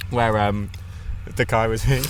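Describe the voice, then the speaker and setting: A man's voice: fairly low pitch, fairly even intonation, a little slow. A man co-hosting a podcast in casual chat, laughing easily as he tells stories, recorded outdoors. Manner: laughs a lot, storytelling. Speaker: podcast co-host. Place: outdoors near a road with passing farm traffic. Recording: loud outdoor background noise.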